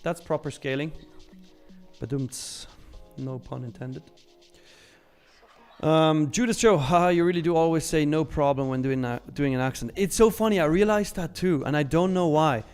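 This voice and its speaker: A man's voice: a little high, moderate pace, darkish tone, clean tone, faint music behind. A young man hosting a live trading stream, chatting casually and upbeat as he reads viewer comments, laughing often and using slang.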